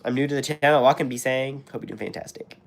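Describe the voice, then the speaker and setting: On his live stream, a young host from the US reads comments and rambles in a fast, medium-pitched voice. Illness has made his throat scratchy and sore, and his speech is full of fillers and restarts.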